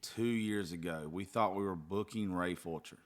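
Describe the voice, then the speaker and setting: A man's voice: low voice, moderate pace. A man hosting a podcast, talking in a loose, rambling way with casual swearing. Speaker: podcast host.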